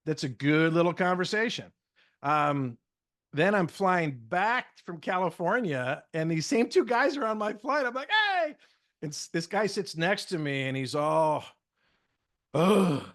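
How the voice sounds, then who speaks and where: A middle-aged man telling lively stories in casual podcast chat, acting out the dialogue as a communication trainer. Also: on the high side, a little slow. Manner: lively, acts out dialogue in stories, many fillers. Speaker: guest speaker and communication trainer.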